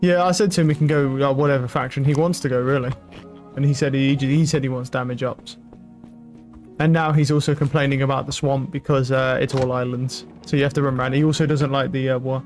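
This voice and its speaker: A young man streaming a game, talking loudly and excitably with lots of swearing to his chat and a friend. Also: mid-range voice, quick pace. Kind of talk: casual live-stream commentary. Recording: game music loud behind voice. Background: game music.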